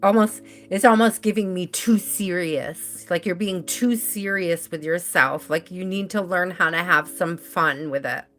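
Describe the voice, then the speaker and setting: A woman talks through a live tarot reading in a loose, rambling, chatty way, laughing easily. Her voice is bright and clear. Soft music plays faintly behind her. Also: on the low side, unhurried, few pauses. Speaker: tarot reader.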